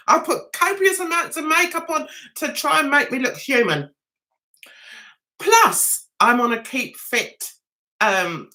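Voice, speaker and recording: A woman's voice: fairly high pitch, bright, forceful tone. A woman hosting a casual livestream chat, getting over a throat cold, chatty and self-mocking as she greets viewers by name. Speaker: livestream host.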